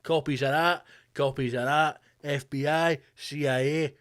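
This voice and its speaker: A Scottish man hosting his podcast, delivering a sweary, animated comedic rant in a conspiratorial tone. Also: a little high, a little slow. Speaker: podcast host.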